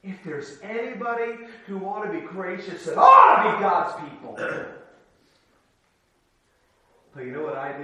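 A man preaching a sermon, moving from soft asides to shouted exclamations, telling stories with humor. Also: mid-range voice, a little hiss or hum. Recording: echoey hall, from far off.

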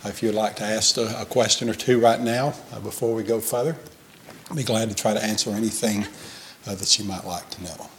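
A man's voice: on the low side, fairly even intonation, brisk, a bit bright, slight background noise. Folksy Southern missionary man. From Alabama, US. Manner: folksy, conversational, frequent "uh" fillers. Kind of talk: church presentation with Q&A.

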